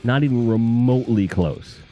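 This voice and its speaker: A man's voice: mid-range voice, normal speed, dark tone, lo-fi sound, faint music behind. A man from the Northeast US, hosting a casual live stream, reading chat comments in a rambling, profane, jokey way.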